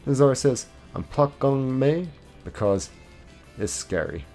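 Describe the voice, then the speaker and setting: A man's voice: medium pitch, big pitch swings, takes it slowly, darkish tone. A man live streaming a game, reading viewers' chat messages aloud and answering them playfully. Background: faint game music.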